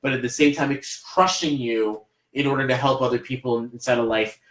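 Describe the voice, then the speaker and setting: A man's voice: medium pitch, steady tone, a little fast, fairly bright tone, echoey room, low-quality recording. A man with a Canadian accent doing a live numerology reading, rambling and encouraging, with many fillers. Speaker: numerology reader. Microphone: livestream camera mic.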